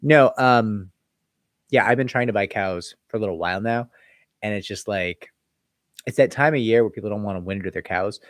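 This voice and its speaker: A man's voice: fairly low pitch, moderate pace, dry recording. A man, an employment attorney, casually answering viewer questions on a livestream in a loose, conversational way. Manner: conversational, loose, with frequent "like" and "right?"; reads viewer comments aloud, then answers them. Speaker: employment attorney hosting a live Q&A.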